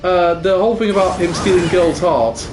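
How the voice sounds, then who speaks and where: A man chatting while playing a game, rambling and pausing mid-thought. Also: high-pitched, noisy background. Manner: rambling, halting storytelling. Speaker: co-host. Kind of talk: casual gaming chat. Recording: roomy sound with music behind.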